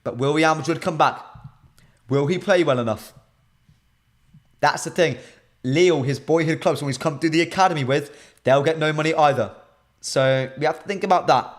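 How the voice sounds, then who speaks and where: A young man with a British accent hosts a live stream, talking casually and replying to comments from chat. His voice sits a bit high for a man, and he keeps up a lively, bantering flow. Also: normal speed, long pauses. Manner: animated, reads chat comments aloud and banters with viewers.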